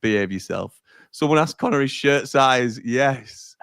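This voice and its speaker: A man's voice: mid-range voice, animated, a little slow, creaky, a bit bright, clean tone, no room sound, studio quality. A man from Sheffield hosting a fan watch-along stream, chatting casually and reading out viewer comments with frequent laughs.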